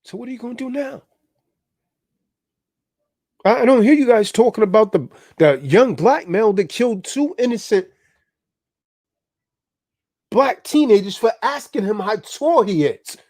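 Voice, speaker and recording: A man's voice: high voice, animated, measured pace, long pauses, a little mellow, no room sound, studio quality. A man hosting a live stream, preaching and exhorting his listeners, often ending lines with "man". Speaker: livestream host. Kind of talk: impassioned preaching livestream.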